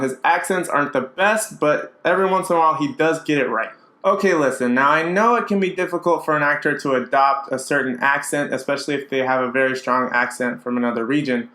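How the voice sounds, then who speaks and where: A young man talks straight to the camera in a casual, opinionated vlog, often stopping on ums and uhs. His voice sits a little high for a man. The room around him is bare and echoey. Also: a bit bright. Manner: chatty, opinionated, frequent fillers. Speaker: vlogger.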